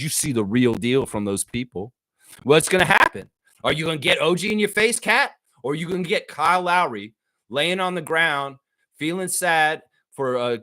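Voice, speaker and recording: A man hosting a casual live sports chat show, excitable, slangy and profane, rambling and talking straight to his audience. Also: a little high. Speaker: sports talk show host.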